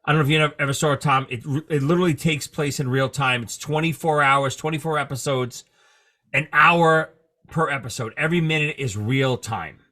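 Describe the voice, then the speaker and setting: A man hosting a casual podcast, telling animated stories and cursing freely. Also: a little high, a little fast. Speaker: podcast host. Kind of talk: casual chat.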